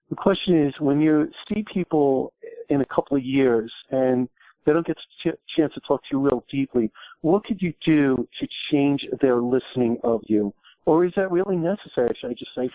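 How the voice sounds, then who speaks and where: A man's voice: mid-range voice, dry recording, dull audio. A man calling in to a podcast, earnest and a little hesitant as he asks his questions. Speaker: caller. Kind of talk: caller asking questions on a podcast.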